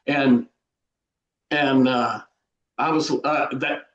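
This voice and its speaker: A man with a Southern drawl, a guest author talking casually in an interview, slow and full of restarts. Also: mid-range voice, steady tone, fairly bright tone, dull audio. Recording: roomy echo.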